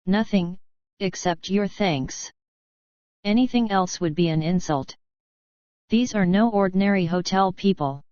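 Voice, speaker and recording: A woman reading the lines of an earnest male prince, the young prince's uncle, in an audiobook, speaking stiffly and quietly. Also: mid-range voice, unhurried, long pauses, no room sound, highs cut off, lightly acted. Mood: aghast.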